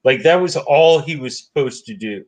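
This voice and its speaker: A man's voice: mid-range voice, animated, normal speed, darkish tone. A man in a casual book chat who stammers, repeating words as he starts his points. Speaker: podcast co-host.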